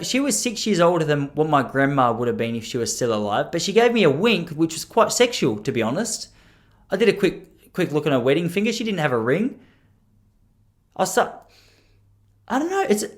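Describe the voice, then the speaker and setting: An Australian man in his thirties hosting a podcast, rambling through a joking, self-mocking monologue. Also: fairly high pitch. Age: 30s. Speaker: podcast host. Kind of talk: comedic monologue.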